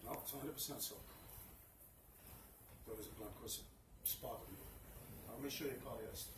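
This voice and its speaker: A man's voice: mid-range voice, moderate pace. Chatty man teaching in a noisy shop. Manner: chatty storytelling, repeats himself. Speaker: fabric shop owner teaching a class. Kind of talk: informal hands-on demonstration. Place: fabric shop, indoors. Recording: roomy, distant mic, noisy shop.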